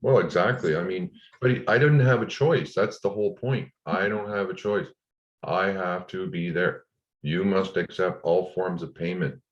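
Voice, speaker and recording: Deep-voiced indignant man, lo-fi audio. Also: normal speed, roomy sound. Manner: indignant, frustrated. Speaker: interview guest. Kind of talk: recounting a personal ordeal in an interview. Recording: dull lo-fi audio.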